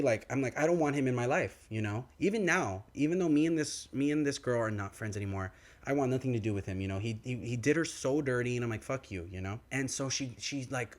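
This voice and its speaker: A young man co-hosting a podcast, telling a story in casual chat and acting out the quoted lines of others. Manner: animated, acts out quoted dialogue with big pitch swings. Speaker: podcast co-host. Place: podcast studio.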